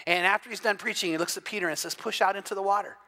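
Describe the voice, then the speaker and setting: Male pastor preaching, high bright voice, gets loud and acts out the quotes. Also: fairly even intonation, rapid-fire. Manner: storytelling, retells scripture with acted-out quotes; builds from quiet to loud, emphatic. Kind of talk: evening sermon.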